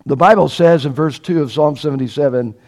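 Earnest preacher with a higher man's voice. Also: fairly quick. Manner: earnest, preaching with rhetorical questions and builds to loud emphatic peaks. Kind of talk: sermon.

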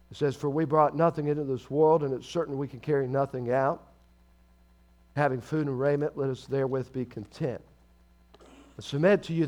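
A man preaching a sermon as pastor, swinging between loud emphatic bursts and quiet low asides, calling for responses from the congregation.

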